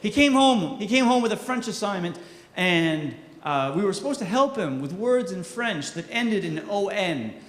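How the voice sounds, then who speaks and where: A man's voice: high voice, sing-song, normal speed, fairly bright tone. A middle-aged man doing a stand-up comedy set, telling self-mocking stories with punchy delivery. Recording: echoey hall with long reverb, faint noise.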